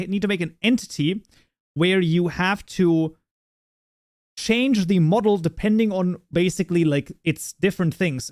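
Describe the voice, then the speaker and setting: A man's voice: on the high side, dry recording, clean studio sound. A man whose first language is German, hosting a livestream, chatting casually with viewers while rambling, laughing often, and restarting his sentences. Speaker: livestream host. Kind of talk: casual live chat with viewers.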